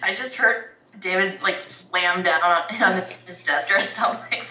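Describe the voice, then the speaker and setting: A woman's voice: fairly low pitch, slow. A woman player chatting casually and amused during a tabletop game. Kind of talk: casual chat. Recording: echoey, distant mic, faint noise.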